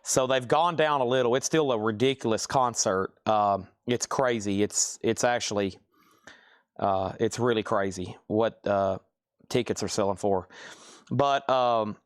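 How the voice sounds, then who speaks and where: A man's voice: fairly low pitch, measured pace, clear, resonant tone, dry recording, clean studio sound. Chatty man hosting a record sale. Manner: chatty, rambling asides between sales. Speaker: host of a live record sale. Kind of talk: casual live-stream selling.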